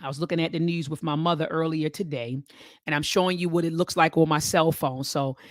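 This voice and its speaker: Animated woman host telling a story. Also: sits low, a little fast, dry recording, studio quality. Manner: storytelling, animated when quoting others. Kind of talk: casual livestream talk.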